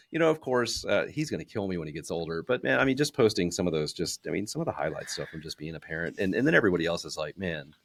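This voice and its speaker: Deep-voiced man on a podcast. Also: fairly bright tone. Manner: chatty, many fillers and restarts, acts out quotes. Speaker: podcast co-host. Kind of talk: casual podcast chat about personal branding.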